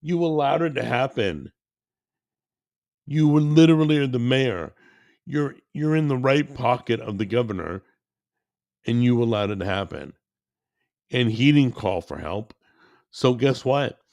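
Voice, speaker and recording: A man's voice: mid-range voice, lively intonation, a little slow, creaky, long pauses, a little mellow, dry recording. A man giving a heated political rant to his listeners, worked up and repeating himself. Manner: worked up, repetitive, addresses listeners as guys. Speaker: commentator.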